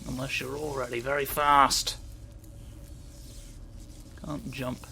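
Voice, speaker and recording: Slow, sardonic man. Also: mid-range voice, flat delivery, vocal fry, sharp tone, slight background noise. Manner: sardonic, grumbling at the game, swearing. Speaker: let's play commentator. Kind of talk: gameplay commentary.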